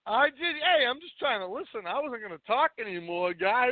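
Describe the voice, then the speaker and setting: A man calling in over a tinny phone line, his voice high for a man. He apologizes, but in a mocking, teasing way. The sound is dry and close. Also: big pitch swings, a little fast, few pauses, no echo. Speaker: caller.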